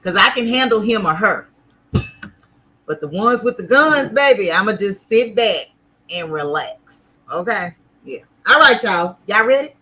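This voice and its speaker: A woman hosting a sewing livestream in casual chat, loud, extra and playful as she talks to her viewers from an indoor sewing room. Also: medium pitch, animated, unhurried, a little hiss or hum, poor audio.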